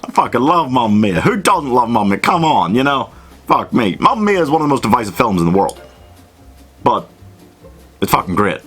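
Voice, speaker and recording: A man's voice: mid-range voice, breathy edge. A man giving a casual, comedic film review, sweary, self-mocking and enthusiastic.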